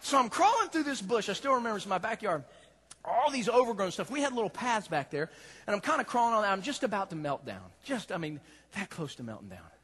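A man preaching with a high, lively voice that swoops up and down as he tells his story. He is playful and dramatic, and his words ring out through a long-reverb church hall. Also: fast talker, slightly rough. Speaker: pastor. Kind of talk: storytelling sermon.

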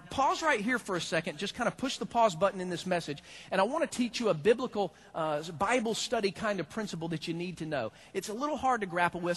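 A male pastor delivers a sermon in a church with a husky, slightly rough voice. His pitch sits high for a man and leaps around with expression. He keeps pulling the congregation in with direct questions. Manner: animated, talks straight to the congregation.

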